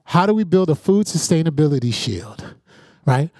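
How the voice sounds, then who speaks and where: A man leads an interactive audience workshop, his pitch leaping up and down with animated energy. He keeps calling on people and checking in with a repeated "right?". The sound is dry and close to the mic, with a slightly higher voice than most men. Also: moderate pace, no room sound. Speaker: workshop facilitator.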